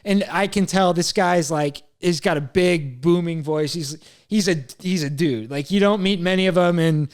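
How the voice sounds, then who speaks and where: A man's voice: on the high side, moderate pace. A young man hosting a podcast, rambling through a story in casual chat, swearing often and quoting himself. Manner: rambling, swears a lot, quotes himself, laughs at himself. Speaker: podcast host.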